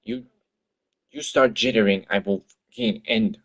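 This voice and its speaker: A man's voice: lowish voice, measured pace. A man streaming his game-development work, talking to himself in an exasperated, swearing rant. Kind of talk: livestream commentary while working.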